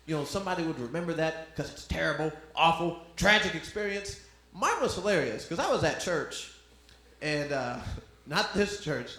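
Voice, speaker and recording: A man doing a stand-up comedy set, animated and acting out voices in his stories. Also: fairly high pitch. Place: club room with audience. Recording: echoey room.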